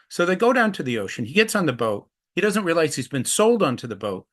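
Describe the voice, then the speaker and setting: A man's voice: high voice, very animated, quick pace, few pauses, a bit bright. A middle-aged man, an activist, giving an earnest storytelling presentation. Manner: earnest, acts out quoted voices in anecdotes. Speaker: anti-trafficking activist speaker.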